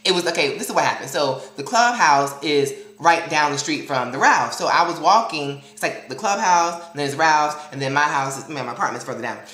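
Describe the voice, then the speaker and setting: A man's voice: a little high, fairly quick, hardly any pauses. Sassy storytelling man, echoey room. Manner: animated, dramatic and sassy storytelling. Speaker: vlogger addressing viewers. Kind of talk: casual storytelling vlog.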